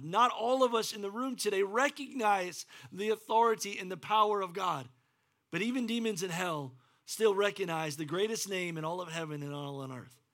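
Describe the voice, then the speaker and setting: A man preaching a sermon as pastor, animated and acting out the scripture quotes in varied voices. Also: high voice. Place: church.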